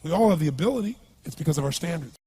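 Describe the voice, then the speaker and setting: A man's voice: fairly high pitch, lively intonation, rapid-fire, dark tone, husky. A man speaking as a motivational speaker at a live seminar, emphatic and punchy, often asking the audience questions.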